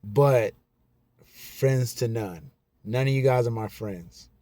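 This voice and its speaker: A man vlogger giving a casual, emphatic monologue to camera, slowing down and repeating his key lines. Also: medium pitch, mellow, no room sound. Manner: slow, repetitive, emphatic.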